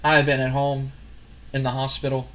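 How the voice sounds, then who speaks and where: A man voicing a furious older male wrestling company boss who demands revenge and shouts threats. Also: mid-range voice, monotone, normal speed, close to an everyday voice. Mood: angry.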